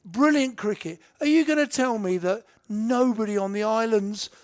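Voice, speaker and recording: High-voiced enthusiastic male cricket commentator. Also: normal speed, no room sound. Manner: enthusiastic, emphatic, repeats himself. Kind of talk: radio sports commentary chat.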